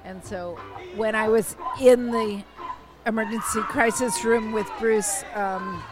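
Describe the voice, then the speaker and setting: A woman's voice: fairly high pitch, slow, a crowd in the background, low-quality recording. Older woman telling a story over music. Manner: calm, conversational, with many fillers and restarts. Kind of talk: personal storytelling.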